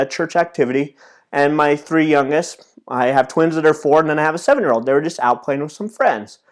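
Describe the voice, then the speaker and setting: Thirties male trainer, slightly raised pitch, earnest storytelling delivery, casual self-help talk. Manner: earnest, storytelling, many restarts and repeated words.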